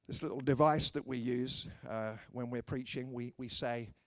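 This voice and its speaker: Here the British preacher sits at a medium pitch with fairly even intonation and a normal speed, captured in a dry recording. He still tells stories in his humorous sermon, voicing the characters with dry wit aimed at himself.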